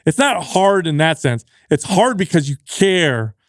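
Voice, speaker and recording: Animated, higher-voiced man telling stories. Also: a little slow, dry recording, clean studio sound. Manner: animated, lively storyteller; swears casually. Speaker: podcast guest, fitness co-host. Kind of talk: casual chat, storytelling.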